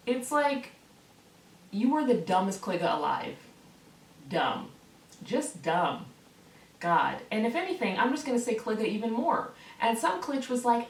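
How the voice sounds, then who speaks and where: A woman vents in a profane, heated vlog rant, her voice at an ordinary middle pitch. She hammers the same words for emphasis. She sits back from the mic, and the room gives her voice a roomy echo. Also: expressive, normal speed, recorded from a distance, soft background music. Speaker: online video creator. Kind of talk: ranting vlog.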